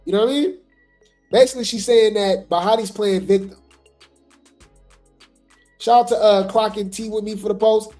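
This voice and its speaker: A host giving casual gossip commentary on reality TV, talking chattily and filling pauses with "right?" and "you know". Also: medium pitch, warm tone, faint music behind. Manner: chatty, full of fillers and "right?" asides.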